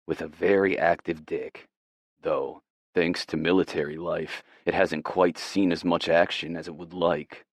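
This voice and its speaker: A man reads a romance audiobook in the first person, his voice very low and the pace slow and unhurried. The reading is measured and steady. The recording is close and dry, with no room sound. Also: no room sound. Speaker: audiobook narrator.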